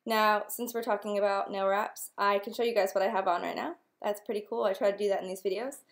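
A young woman speaks casually to camera in a vlog as a nail wrap consultant. She talks fast with a medium-pitched, steady voice, staying chatty and upbeat and using plenty of filler ums.

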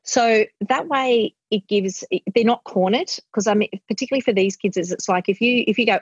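A woman's voice: medium pitch, brisk, hardly any pauses, slightly rough, dry recording. A middle-aged woman being interviewed in casual chat, animatedly acting out what she tells her kids. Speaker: guest. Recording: muffled dry audio.

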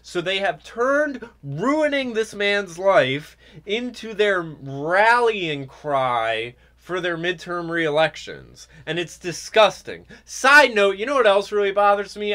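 A man's voice: sits high, animated, unhurried, hardly any pauses, fairly bright tone. A man hosting a political talk show, ranting sarcastically and mimicking others. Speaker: podcast host. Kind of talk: political commentary chat.

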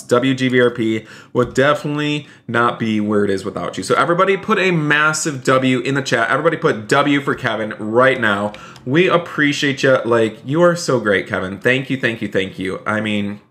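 Excitable bright-voiced male streamer. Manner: excitable and gushing, often jumping into high squeals. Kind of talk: live-stream role-play commentary.

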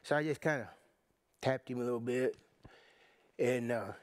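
A man preaching a sermon, telling a personal story in a folksy, halting way with many restarts. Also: mid-range voice. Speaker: pastor.

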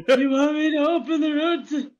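A woman voicing a bumbling, gruff male police captain in a game playthrough, blustering and bossy. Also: high voice, moderate pace, darkish tone, muffled recording, voice pushed up, close to an everyday voice. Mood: flustered.

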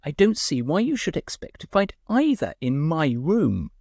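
A man voicing a peevish, coddled, plump young man who talks in a shrill, fussy way. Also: big pitch swings, moderate pace, darkish tone, no room sound, clean studio sound. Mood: indignant.

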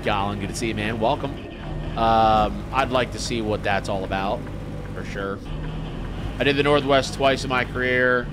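A man's voice: mid-range voice, background noise. A man hosting a casual gaming livestream, talking in a laid-back folksy trucker way and greeting his chatters. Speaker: livestream host.

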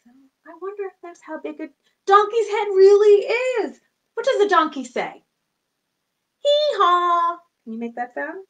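Lively high-voiced woman leading kids' storytime. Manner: animated, sing-song, makes animal sounds. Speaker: children's librarian. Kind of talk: children's storytime lesson with songs. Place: home or library room, recorded for video.

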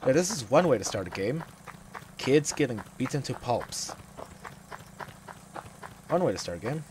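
Slow-talking, animated young gamer guy. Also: medium pitch, slight background noise. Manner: reactive, swears, reads game dialogue aloud. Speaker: let's play gamer. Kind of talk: casual gameplay commentary. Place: home room. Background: game music.

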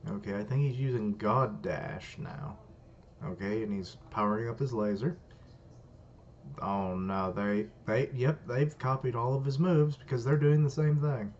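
A man's voice: mid-range voice, a little slow, a little mellow. A man reading a comic live and reacting with casual running commentary that swears freely. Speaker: host. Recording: dull lo-fi, faint hiss.

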